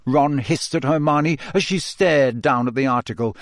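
A man reading a storybook aloud as an audiobook narrator, steady and expressive. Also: mid-range voice, normal speed, hardly any pauses, dry recording, studio quality.

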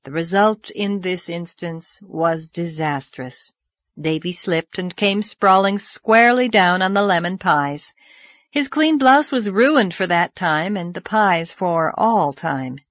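A woman narrating a classic novel aloud in a measured, expressive storytelling voice. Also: fairly low pitch, no room sound. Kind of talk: audiobook narration.

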